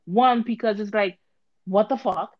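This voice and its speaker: Animated woman telling a story, harsh voice. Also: medium pitch, a little slow, no echo, highs cut off. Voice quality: harsh-sounding voice. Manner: animated, swearing, acts out both sides of the story. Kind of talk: casual storytelling chat.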